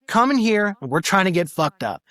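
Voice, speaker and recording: A man's voice: high voice, sing-song, a little fast, a bit bright, no echo, studio quality. A man voicing an adult woman who keeps insisting she came from a picnic and wants to party. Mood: insistent. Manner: insistent, repeats herself.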